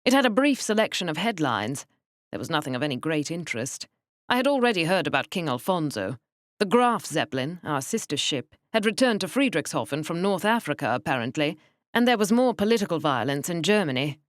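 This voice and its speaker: A woman narrating a mystery audiobook in a measured, wry manner. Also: deep voice, sing-song, no echo, clean studio sound. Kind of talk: scripted narration.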